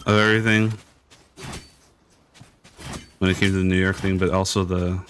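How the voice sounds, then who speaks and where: A man's voice: sits low, level tone, moderate pace, a bit bright, a little hiss or hum. A young man streamer chatting casually while he plays, rambling and hesitant with lots of fillers. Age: young adult. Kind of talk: casual chat while gaming.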